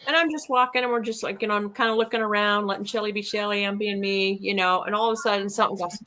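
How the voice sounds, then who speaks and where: Bright-voiced woman telling a story. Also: medium pitch, fast, low-quality recording. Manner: animated, acts out quoted voices. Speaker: guest. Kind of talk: casual storytelling.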